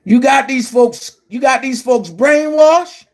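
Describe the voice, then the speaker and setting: A man delivering a heated, profane vlog rant as an online commentary host, often shouting and repeating himself for emphasis. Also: very high-pitched, slow. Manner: blunt and emphatic, repeats phrases.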